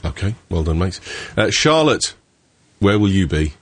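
A man's voice: deep voice, big pitch swings, normal speed, dry recording. A British man hosting a podcast panel in casual, jokey chat, swearing now and then. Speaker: podcast host.

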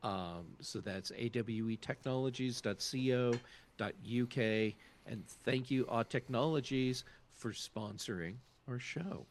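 A man's voice: medium pitch, unhurried, a little hiss or hum. A man hosting a casual tech podcast, upbeat and loose with lots of fillers as he thanks the sponsor and wraps up. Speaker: podcast host.

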